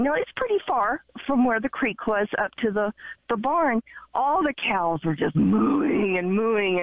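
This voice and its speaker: A woman calling in to a radio show, telling a rambling story in a chatty, casual way. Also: mid-range voice. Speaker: caller. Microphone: telephone. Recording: muffled phone line.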